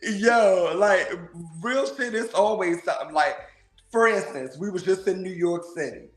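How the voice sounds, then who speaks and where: Animated comedian man in an echoey room. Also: high voice, measured pace, soft background music. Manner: animated storyteller, slangy, laughs often. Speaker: touring comedian, guest. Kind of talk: casual livestream chat.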